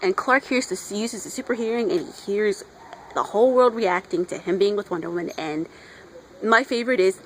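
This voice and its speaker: A woman's voice: medium pitch, a little fast, slight background noise, rough recording. A woman chatting casually outdoors as she reviews a comic, gushing like a fan and putting on voices for the characters.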